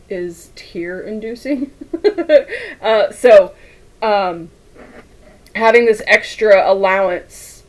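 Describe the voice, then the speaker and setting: Slow, chatty woman quilting host. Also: medium pitch, poor audio. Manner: chatty, rambling, laughs often, reads chat aloud. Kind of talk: casual chat while sewing.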